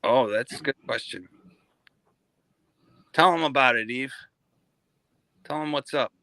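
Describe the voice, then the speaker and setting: A man's voice: medium pitch, measured pace, pushed and bright, dry recording. A man hosting a casual livestream, coaxing a chatbot and apologizing for his friends. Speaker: livestream host.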